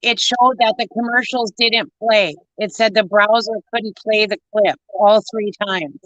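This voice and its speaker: A woman's voice: mid-range voice, steady tone, unhurried, a bit bright, no echo. A woman trucker from northern Minnesota with a Minnesota accent, co-hosting a casual livestream chat in a folksy way. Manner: chatty, folksy, laughs easily. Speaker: co-host, trucker. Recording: dull lo-fi stream audio.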